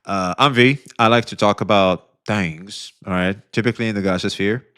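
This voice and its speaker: A man's voice: fairly low pitch, fairly even intonation, normal speed, fairly bright tone. A man streaming live, casually reacting to a clip, laid-back, swearing and laughing a lot.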